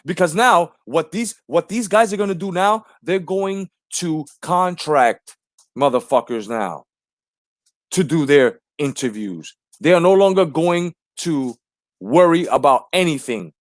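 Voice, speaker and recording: Man, 40s, channel host: high, swooping, combative, cursing rant, dry close sound. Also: unhurried, no echo. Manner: profane, confrontational, animated. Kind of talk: ranting monologue.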